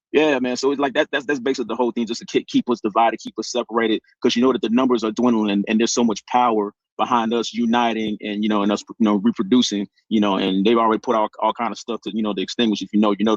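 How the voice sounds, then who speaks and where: A man's voice: on the low side, steady tone, fast, hardly any pauses, no room sound, dull audio. A man calling into a show, rambling his point with many fillers. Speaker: caller. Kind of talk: casual call-in commentary. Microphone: remote audio call.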